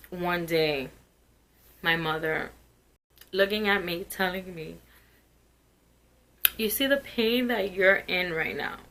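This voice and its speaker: A woman's voice: mid-range voice, pushed and bright, slight background noise, poor audio. A woman vlogger telling a painful personal story in an earnest, emotional way. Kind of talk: personal testimony.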